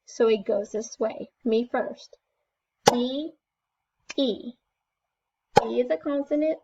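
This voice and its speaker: A woman teaching a first grade class remotely, speaking in slow, clear, encouraging steps. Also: a little high, dark tone, highs cut off, slight background noise.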